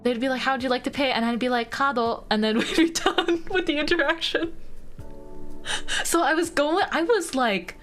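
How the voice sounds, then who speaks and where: A woman's voice: sits high, moderate pace, fairly bright tone, faint music behind. Bubbly giggly American woman streamer. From United States. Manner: bubbly, giggly, lots of fillers. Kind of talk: casual chat stream.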